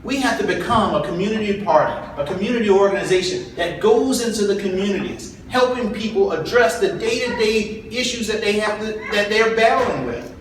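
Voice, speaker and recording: A man's voice: high-pitched, brisk, few pauses. A man from South Carolina giving an earnest, folksy political speech to a convention crowd. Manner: earnest, folksy, rising to rallying calls. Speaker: party chair candidate. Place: large convention hall. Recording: echoey hall from far off, faint noise.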